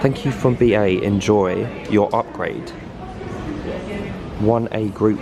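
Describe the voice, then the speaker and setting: A man's voice: on the low side, slow pace, pauses often, over music. A man vlogging in a chatty storytelling way, acting out lines of dialogue as he tells a story in an airport lounge. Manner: chatty, acts out his own and others' lines in quotes. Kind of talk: casual storytelling to camera. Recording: roomy echo.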